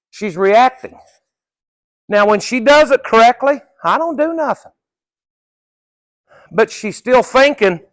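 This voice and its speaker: A middle-aged man coaches through a horse training session in a folksy, plain-spoken manner, tossing in a casual curse now and then. His voice sits fairly high and he takes his time. The sound is dry and close, with little room echo. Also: fairly bright tone. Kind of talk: live training-session instruction.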